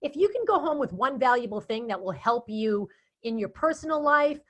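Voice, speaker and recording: A woman's voice: fairly high pitch, moderate pace. A woman with a Boston accent, a guest speaker chatting casually in an interview and telling stories animatedly. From Boston area. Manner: chatty, animated storytelling with quoted asides. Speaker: guest speaker and event moderator.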